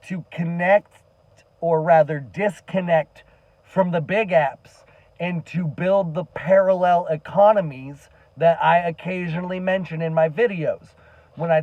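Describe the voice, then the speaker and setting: A man's voice: fairly high pitch, no echo, narrow, tinny audio. A man giving an earnest, impassioned monologue to camera as a commentary vlogger, emphatic and swearing now and then.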